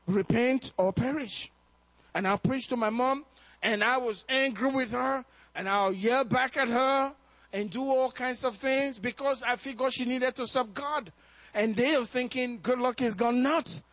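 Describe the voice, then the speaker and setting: A man's voice: very high-pitched, moderate pace, fairly bright tone, no room sound. A man preaching a sermon, telling a personal story with acted-out quotes and laughs. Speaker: pastor.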